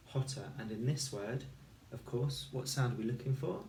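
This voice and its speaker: A man teaching a recorded phonics lesson for children, speaking slowly and clearly and sounding out each letter and word. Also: medium pitch, darkish tone, a little hiss or hum. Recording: echoey room, voice a little far from the mic.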